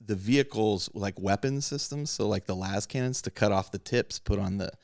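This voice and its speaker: A man with a lowish voice talks in a loose, rambling way as a podcast host, laughing now and then. The sound is close and dry, with no room around it. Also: normal speed, creaky, a little mellow, dry recording. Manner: rambling, candid, laughs often. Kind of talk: casual hobby chat.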